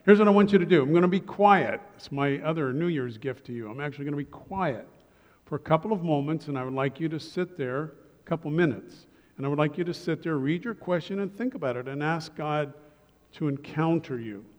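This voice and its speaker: A male pastor preaches a sermon with a slightly high voice. He keeps it relaxed and slips in joking asides to the congregation. His words ring out with a long reverb through the church hall. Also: fairly quick. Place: church sanctuary.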